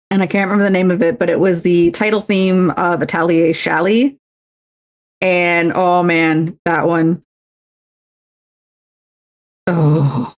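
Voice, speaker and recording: A woman streamer chatting casually while she cross-stitches at home, rambling and poking fun at herself as she tells stories. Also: fairly low pitch. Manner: chatty, self-mocking, rambling storytelling.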